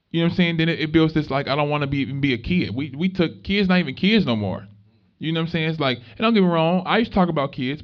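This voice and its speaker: A young man giving a motivational talk to students, telling stories in an animated, conversational way with street slang. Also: fairly high pitch. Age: young adult. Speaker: motivational speaker. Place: room with a live student audience. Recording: dull lo-fi recording.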